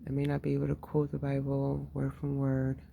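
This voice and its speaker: A woman's voice: rumbling low, monotone, fairly quick, vocal fry, dark tone, a little hiss or hum. A woman and mother talking candidly in a casual personal monologue, swearing freely and laughing often.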